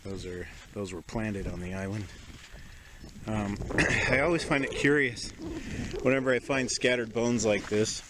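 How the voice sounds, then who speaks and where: A man casually narrating an outdoor vlog from a stormy campsite, explaining each step with small asides in a relaxed, chatty way. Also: fairly low pitch, measured pace, background noise. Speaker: outdoor vlogger.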